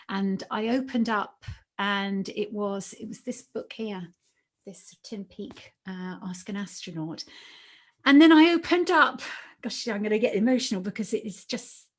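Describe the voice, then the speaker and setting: Speaking at normal speed in a mid-range voice, a British podcast host in her late forties, a former teacher, shares stories in an interview. She sounds earnest and emotional, and she repeats points to stress them.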